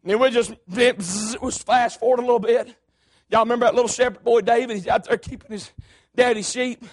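A preacher, giving a fervent sermon, often shouting, with a folksy storytelling manner. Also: male voice, extremely high pitch, fairly even intonation, brisk.

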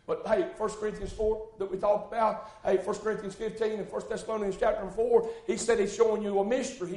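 A man preaching, his voice sitting very high for a man. He drives his points with repeated phrases and breaks into loud shouts. The sound rings around a roomy church hall. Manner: fervent, shouting bursts, rhythmic repetition. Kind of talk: sermon.

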